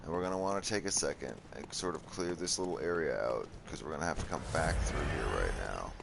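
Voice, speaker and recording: A man's voice: a bass voice, expressive, fast talker, creaky, background noise. A man casually commenting on his gameplay, joking, swearing and talking to the enemies on screen. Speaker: gameplay streamer. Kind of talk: casual let's-play commentary.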